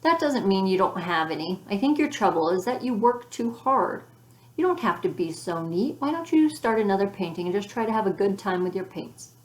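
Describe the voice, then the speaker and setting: A woman voicing a kindly art teacher who speaks in a reassuring, gentle way, recorded with a roomy echo. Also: medium pitch, animated, a little fast, natural voice.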